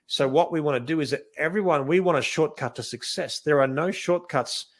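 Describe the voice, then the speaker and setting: A man teaching wedding photography in a casual, animated way, acting out what he says to couples and often restarting his sentences. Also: on the high side, a little fast. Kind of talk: casual coaching talk.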